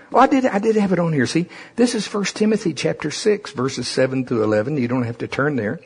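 A pastor delivering a sermon with impassioned, rising-and-falling preaching. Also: male voice, on the high side, moderate pace, husky.

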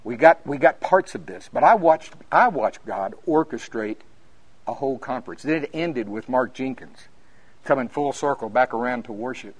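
A minister preaching at a conference, telling folksy stories that climb to emphatic peaks. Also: male voice, mid-range voice, animated, moderate pace, husky, no echo. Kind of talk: conference sermon.

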